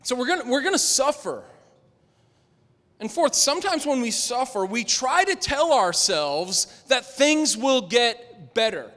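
A man preaching a sermon to a room, rising to loud emphatic lines and dropping to low, quiet asides. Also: sing-song, measured pace. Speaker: pastor. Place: large room with a congregation. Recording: echoey hall with long reverb.

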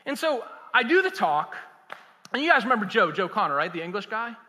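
A man, a pastor preaching a sermon in an animated, conversational and humorous way. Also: sits high, a little fast. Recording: echoey hall.

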